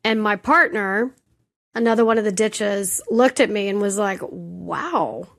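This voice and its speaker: A woman co-hosting a podcast, telling a personal story in casual chat, animated and self-deprecating. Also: medium pitch, normal speed. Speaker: podcast co-host.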